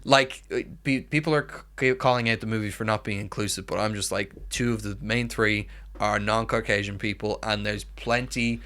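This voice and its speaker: A man's voice: lowish voice, steady tone, normal speed, pushed and bright. A young Irish man co-hosting a podcast in casual chat, blunt and swearing, with many restarts. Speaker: podcast co-host.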